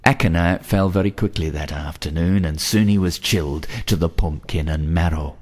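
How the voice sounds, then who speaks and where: A man narrating a whimsical story full of playful wordplay, in a measured delivery. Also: sits low, darkish tone.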